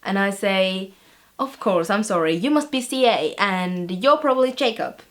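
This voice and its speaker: A young woman delivers a scripted vlog-style monologue as a chatty teenage tutor, recounting her week with wry amusement and fillers along the way. Her medium-pitched voice is expressive, at normal speed, close to how she'd speak every day.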